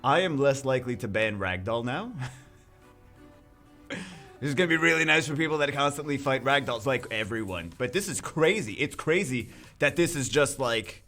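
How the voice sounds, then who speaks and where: A man hosting a gaming video, talking through a game patch in an excitable, rambling way with many restarts. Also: mid-range voice, normal speed, soft background music.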